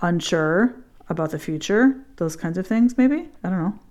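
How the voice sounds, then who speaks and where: A woman's voice: on the low side, animated, moderate pace, a little mellow. A woman in casual chat, telling a long, rambling story and swearing freely.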